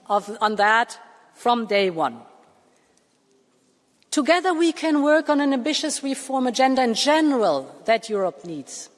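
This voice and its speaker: A woman in her sixties giving a formal speech to a parliament, measured and emphatic, with deliberate pauses. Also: on the high side, big pitch swings. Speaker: Commission president addressing parliament. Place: large parliament chamber. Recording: long reverb of a large hall.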